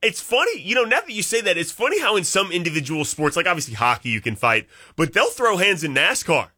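Man co-hosting sports radio, bright. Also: high-pitched, very animated, fast talker, slightly rough. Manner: agreeable, chiming in. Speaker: radio co-host. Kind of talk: casual sports talk.

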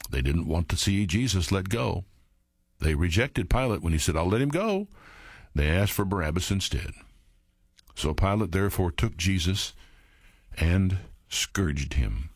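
A man's voice: sits low, husky, dry recording, clean studio sound. A man teaching a sermon, reading verses aloud and then commenting on them in a plain, conversational way that speaks directly to his listeners. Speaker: Bible teacher.

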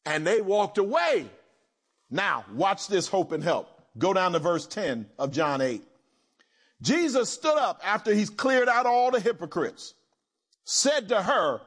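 A man preaching a sermon as pastor, animated, swinging between loud emphasis and quiet asides. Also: high voice, unhurried, slightly rough.

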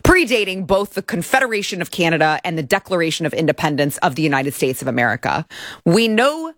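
Woman, show host, mocking and sarcastic, lively pitch, dry sound. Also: fast, no echo. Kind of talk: political commentary show. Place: broadcast studio.

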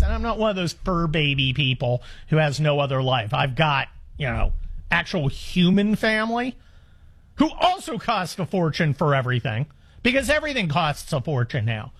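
A man's voice: fairly high pitch, sing-song, normal speed, a bit bright. A man in his fifties hosting a call-in talk radio show, ranting in an exasperated way with stammered restarts. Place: studio in the Los Angeles area.

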